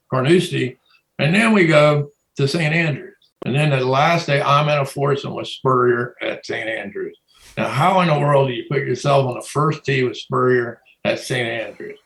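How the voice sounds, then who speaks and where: A man's voice: a little high, creaky, a bit bright, roomy sound, poor audio. A man telling a long rambling story in casual chat, laughing often and restarting his sentences. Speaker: guest telling stories.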